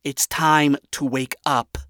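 A man voicing a blunt, skeptical woman who lectures her friend in a measured way. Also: a little high, level tone, fairly bright tone, no room sound, clean studio sound. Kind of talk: audiobook character voice.

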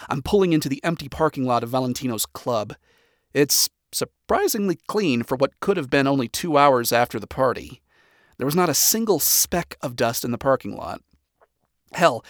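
A man reading a first-person story aloud, with sarcastic, profane, deadpan asides. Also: mid-range voice, no echo, clean studio sound. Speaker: story reader.

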